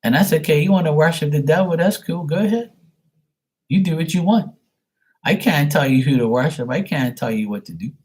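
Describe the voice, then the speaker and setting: A man's voice: on the high side, animated, brisk, darkish tone. A man hosting a psychic livestream, talking bluntly and rambling, with plenty of swearing. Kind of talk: casual livestream talk.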